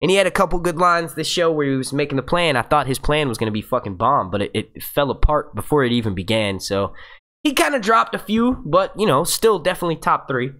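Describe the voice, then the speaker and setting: A man with a higher-pitched, fairly bright voice and lively intonation talks a little fast while hosting a casual live Q&A for his YouTube show. Seated at a computer and using its microphone, he rambles, restarts his sentences, and swears freely.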